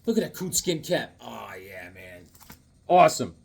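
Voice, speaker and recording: Husky guy rambling about old comics, voice swings all over, bit high. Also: a little slow. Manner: animated, jokey, bursts of exclamations. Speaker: comic book vlogger. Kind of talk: casual show-and-tell vlog.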